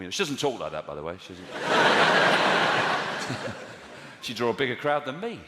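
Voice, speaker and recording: A male stand-up comedian telling wry, chatty stories. His voice swings widely in pitch. He sounds roomy with a long hall echo and heavy noise. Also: sing-song, a little slow, long pauses. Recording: echoey theatre with loud noise.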